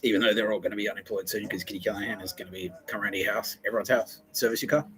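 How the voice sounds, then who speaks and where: A man's voice: fairly low pitch, fairly even intonation, very fast, a bit bright, rough recording. A man hosting a comedy podcast, rambling through a jokey monologue and swearing heavily. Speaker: podcast host.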